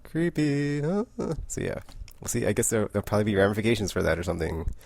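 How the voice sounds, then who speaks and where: Deep, gravelly man rambling through a recap. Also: very fast. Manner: rambling, heavy use of "like", frequent self-corrections. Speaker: comic book reviewer. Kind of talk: casual comic book recap.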